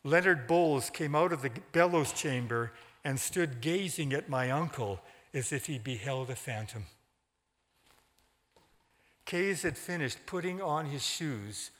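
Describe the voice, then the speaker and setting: A man reading a story aloud in a measured, dramatic way. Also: on the high side, expressive, a bit bright. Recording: long hall reverb.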